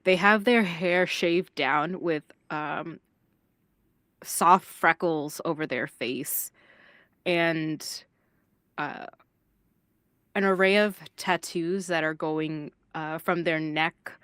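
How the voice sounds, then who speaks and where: A woman player describing her character in a tabletop role-playing game, halting and searching for words. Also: sits low, fairly bright tone, smooth, no echo, studio quality.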